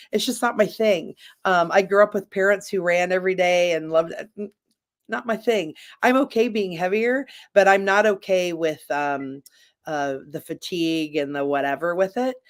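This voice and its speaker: A man speaking as a guest in a candid, casual chat, rambling with frequent restarts. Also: sits high.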